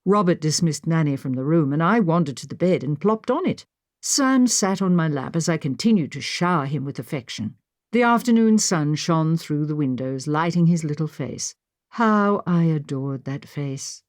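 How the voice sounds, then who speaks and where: A woman narrating a historical novel in the first person, with expressive storytelling. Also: low-pitched, moderate pace, dry recording, clean studio sound. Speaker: audiobook narrator. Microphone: studio microphone.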